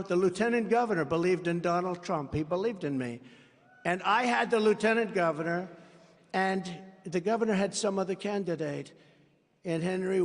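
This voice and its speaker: A man giving a rambling, boastful rally speech from a podium microphone, with off-the-cuff asides to the crowd. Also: sits high. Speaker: political candidate at a campaign rally. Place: large rally venue before a crowd. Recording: long reverb of a big rally hall.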